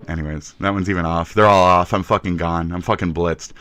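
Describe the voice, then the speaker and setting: A man hosting a livestream, ranting with lots of cursing, swinging between yelling and muttering. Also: low voice, steady tone, brisk, few pauses, clear, resonant tone. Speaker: livestream host.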